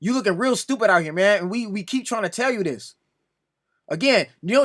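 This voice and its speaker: A man's voice: high voice, expressive, normal speed, a bit bright. A man hosting a sports reaction video, talking casually and sounding exasperated as he argues with another commentator, pleading over and over. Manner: exasperated, repeatedly pleading "come on now"; addresses another commentator directly.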